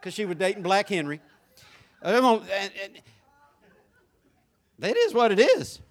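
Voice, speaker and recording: A male pastor preaching a sermon in church, swinging from soft asides to shouted praise. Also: high voice, huge pitch swings, a little slow. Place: church sanctuary.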